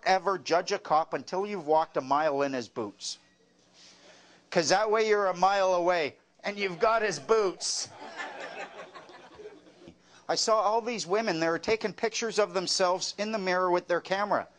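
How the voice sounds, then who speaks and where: A man tells stories to an audience in a wry, joking way, landing his punchlines dry. His speaking voice sits high for a man. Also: moderate pace, a bit bright. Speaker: speaker giving a talk. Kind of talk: storytelling talk with jokes.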